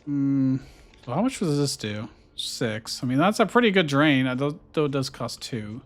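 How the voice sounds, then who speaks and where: A man's voice: mid-range voice, very animated, moderate pace. A man giving casual let's-play commentary, thinking aloud and musing over his choices with fillers. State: hiccuping. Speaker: gameplay streamer.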